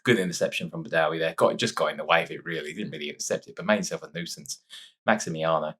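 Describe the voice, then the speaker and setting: Casting note: low-voiced male let's-player, chatty and excitable, slightly stuffy from sneezing. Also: very fast, husky. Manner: chatty, excitable reacting to match play. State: sore nose after sneezing fit. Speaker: gaming YouTuber. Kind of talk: casual let's-play commentary.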